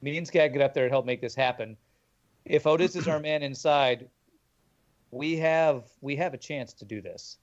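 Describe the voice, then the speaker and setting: A man voicing a cocky young male outlaw in a tabletop game, earnestly pitching a plan. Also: moderate pace, lightly acted. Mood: persuasive. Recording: dull lo-fi audio.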